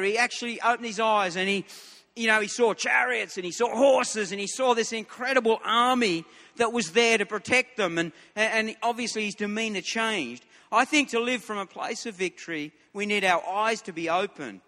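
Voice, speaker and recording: Male preacher, earnest, high bright voice, stammers on restarts, reverberant hall. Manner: earnest, repeats words when starting a thought. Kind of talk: sermon.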